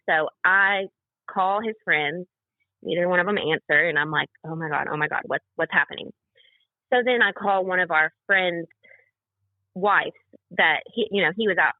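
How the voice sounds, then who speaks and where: A woman's voice: lowish voice, no room sound. A young woman, a podcast guest, telling a personal story in a rambling way, full of fillers, acting out what others said. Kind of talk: personal story told in a casual interview. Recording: tinny phone-like dry sound.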